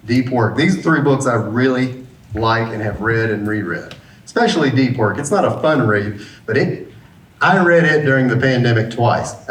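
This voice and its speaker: A middle-aged man, a business coach, gives a motivational talk and acts out the people in his story. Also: mid-range voice. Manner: lively storyteller who acts out the dialogue. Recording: roomy sound, mic at a distance, faint background hum.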